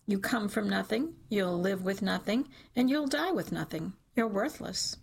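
A woman's voice: mid-range voice, unhurried, creaky, breathy edge. A woman voicing a bitter, wounded mother who speaks in a cold, cutting way, in an audiobook. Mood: scornful.

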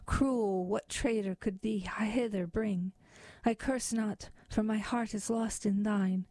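A woman voicing a frightened, sorrowful young bride in a slow poetry reading. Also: mid-range voice, fairly even intonation, mellow, dry recording.

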